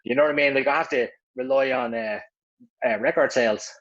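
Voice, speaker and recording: A man's voice: medium pitch, brisk, a bit bright. An Irish man in his thirties co-hosting a podcast, rambling and chatty in casual talk. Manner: rambling, restarts, laughs at himself. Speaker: podcast co-host. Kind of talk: casual chat. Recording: dull lo-fi sound.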